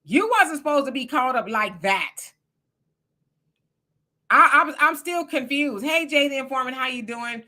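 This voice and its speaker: A woman's voice: sits high, animated, a little slow, pauses often, bright, forceful tone. A middle-aged woman, co-hosting a live stream and reading viewer comments in a chatty, teasing way. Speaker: livestream co-host. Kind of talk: casual live-chat commentary.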